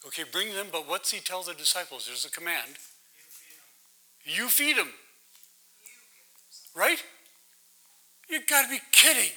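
A man's voice: a little high, very animated, unhurried, pauses often, sharp tone, poor audio. A man leading a Bible study, preaching in a conversational way that keeps asking the listeners questions and checking in with "right?". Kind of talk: interactive sermon with questions to the audience.

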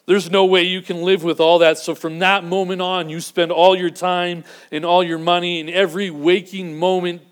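High-voiced man preaching earnestly. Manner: earnest, builds to emphatic peaks then drops low. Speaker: pastor. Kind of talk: sermon.

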